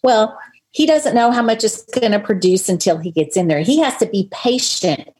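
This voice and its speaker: A woman talks through a Bible passage with earnest, expressive warmth of delivery. Her voice is soft and breathy, pitched in an ordinary middle range, and she moves easily between reading scripture aloud and casual commentary. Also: normal speed. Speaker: podcast co-host. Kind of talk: casual Bible study chat.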